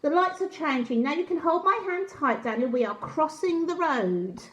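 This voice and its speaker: Woman voicing a fussing grandmother, high lively voice, storybook reading, roomy echo. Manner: anxious, scolding, brisk. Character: caring fussy grandmother.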